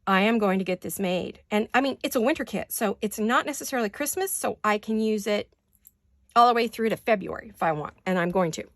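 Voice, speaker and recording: A woman's voice: mid-range voice, brisk, no echo. A woman hosting a crafting video in her home studio, chatting casually and gushing over each page with repeated words of praise. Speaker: crafting channel host. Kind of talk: casual show-and-tell chat.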